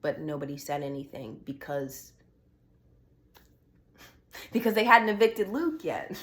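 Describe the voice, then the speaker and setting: A woman's voice: deep voice, expressive, unhurried. A young woman vlogging in a casual, blunt style, ranting with heated profanity about a reality show. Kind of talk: casual opinion vlog.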